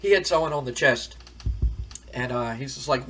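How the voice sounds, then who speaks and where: A man's voice: medium pitch, normal speed, background noise. A man casually recapping a game playthrough in a rambling, loose way, with a dry throat. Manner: rambling, loose retelling with frequent fillers. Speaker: game commentator.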